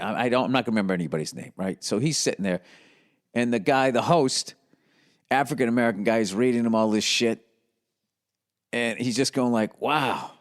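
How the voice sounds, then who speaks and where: A man hosting a solo podcast, rambling in a profane, blunt way and often slipping into mocking voices. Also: lowish voice. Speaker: podcast host.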